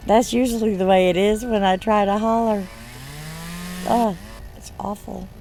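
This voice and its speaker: A gaming channel host, born in Michigan but raised in the US South and speaking with a Southern accent, chats casually and ramblingly over gameplay, laughing between words. Her voice is medium-pitched and dark-toned with fairly even intonation at a moderate pace, over soft background music.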